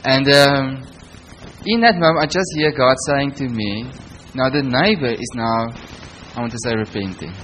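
A man's voice: medium pitch, normal speed, a bit bright, slight background noise, poor audio. A middle-aged man, preaching a sermon in a conversational, storytelling way. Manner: storytelling with quoted voices, conversational.

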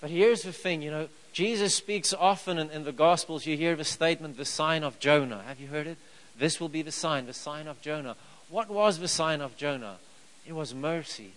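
A man with a fairly high, slightly bright voice preaches a sermon at a moderate pace, and the audio quality is poor. His style is conversational: he puts rhetorical questions to the room and chuckles while telling the story.

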